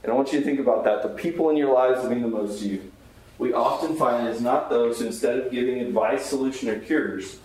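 Speaking quickly in a medium-pitched, darkish voice, a male chaplain teaches a Bible class in an earnest, conversational manner, asking the group questions. Faint hiss and heavy echo fill the recording.

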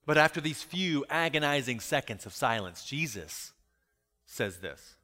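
A man preaching a sermon in a reflective way. He asks rhetorical questions and drops softer on key lines. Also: mid-range voice, very animated, a little slow. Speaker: pastor. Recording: long hall reverb.

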